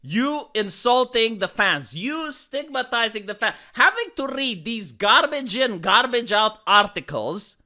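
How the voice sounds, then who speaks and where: A man with a high, bright, sharp voice rants in a commentary vlog. He mocks his targets in a theatrical, grandiose way, thick with sarcasm. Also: big pitch swings, a little slow, few pauses. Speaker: YouTube commentator.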